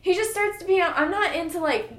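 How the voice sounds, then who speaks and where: A woman's voice: very high voice, a little fast, fairly bright tone. A young woman co-hosting a podcast, chatting casually, laughing often and swearing freely. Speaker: podcast co-host. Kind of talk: casual chat. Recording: echoey room.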